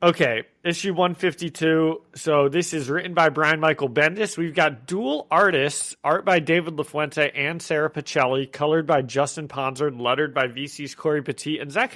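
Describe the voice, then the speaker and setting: Animated man co-hosting a podcast. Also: a little high, normal speed, dry recording, clean studio sound. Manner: animated, rambling, laughs often. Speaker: podcast co-host. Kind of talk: casual comic book podcast chat.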